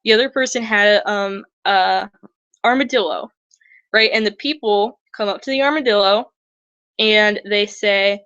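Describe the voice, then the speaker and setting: A woman's voice: moderate pace, fairly bright tone, no echo, lo-fi sound. A young woman talking casually and earnestly about reptile conservation in a vlog, chatty with many restarts. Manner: earnest, chatty, mimics other people in high squeaky voices.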